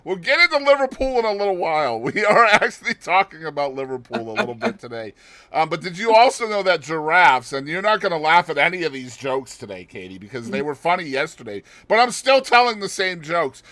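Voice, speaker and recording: A man's voice: a little high, sing-song, fairly quick, bright, forceful tone, no room sound. A man co-hosting a podcast in casual chat, rambling and joking with puns and asides. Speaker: podcast co-host.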